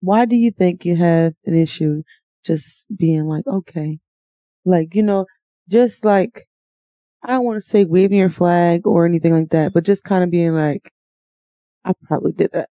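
Recorded dry through a dull lo-fi microphone, a woman with a lowish, mellow voice speaks at a normal pace. As co-host of a podcast, she keeps laughing while challenging her partner with pointed questions during their casual back-and-forth argument.

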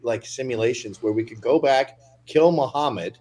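A man's voice: medium pitch, normal speed, darkish tone. A man telling a long comedic story as a podcast guest, rambling and profane. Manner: rambling anecdotal delivery, profane.

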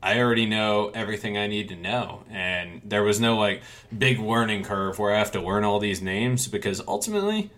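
A man's voice: fairly low pitch, fairly quick, few pauses, fairly bright tone. A man co-hosting a casual podcast chat, rambling with many restarts and some casual swearing. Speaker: podcast co-host. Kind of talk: casual chat about a manga.

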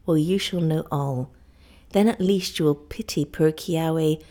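A woman reading the part of a grieving young island husband, low and sorrowful. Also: unhurried, mellow. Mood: despairing.

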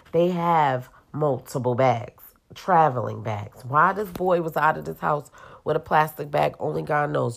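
A woman with a low voice tells a personal story as a mother, casual and heated. Her tone has a gravelly rasp, and she talks bluntly with plenty of swearing, stringing her sentences together with "like" and "you know". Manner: heated, blunt, with frequent profanity.

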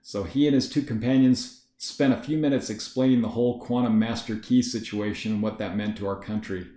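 Low-voiced man narrating, echoey. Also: fairly even intonation, a little fast, dark tone. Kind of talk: first-person story narration. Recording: roomy echo.

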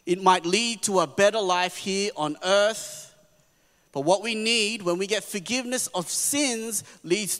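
A pastor giving a sermon in an earnest, conversational way, often checking in with the congregation. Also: male voice, medium pitch, a bit bright. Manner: earnest, conversational preaching with frequent "right?" asides. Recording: long reverb of a church hall.

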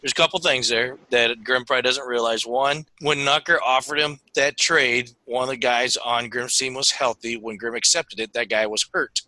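A man co-hosting a podcast in casual chat, blunt and quick, swearing freely. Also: medium pitch, fairly even intonation, bright, forceful tone, no echo, low-quality recording. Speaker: podcast co-host, league commissioner.

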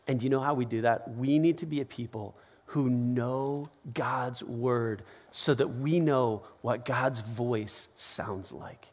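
A man's voice: mid-range voice, takes it slowly. A man preaching a casual, conversational sermon as pastor, acting out little scenes and quotes. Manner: conversational, animated, acts out quotes with laughs. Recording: long hall reverb.

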